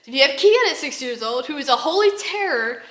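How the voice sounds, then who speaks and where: A woman's voice: high voice, lively intonation, fairly quick, a bit bright. A woman co-hosting a casual faith discussion, rambling and acting out examples in quoted voices. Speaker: podcast co-host. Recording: roomy echo.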